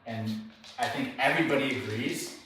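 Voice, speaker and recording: A man working as a dog trainer, talking through a live training session in a relaxed, explanatory way. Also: medium pitch, normal speed. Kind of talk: hands-on training demonstration. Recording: very echoey room, distant mic, faint noise.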